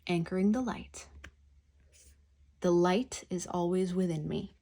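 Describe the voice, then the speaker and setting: A woman giving a pick-a-card tarot reading, talking in a gentle, effusive, spiritual way. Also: fairly low pitch, measured pace, gravelly.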